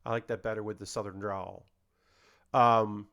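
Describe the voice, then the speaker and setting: A man's voice: lowish voice, steady tone, normal speed, gravelly, pauses often, fairly bright tone. A male comedian and host in casual chat, rambling and self-deprecating as he talks through his ideas.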